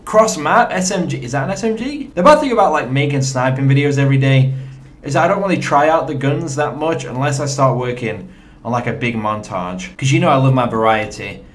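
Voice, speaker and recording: A man's voice: medium pitch, fairly quick, slight background noise. A young man, chatting to viewers while commenting on his own gameplay from a home setup. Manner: chatty, excitable, talks to viewers. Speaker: gaming commentator.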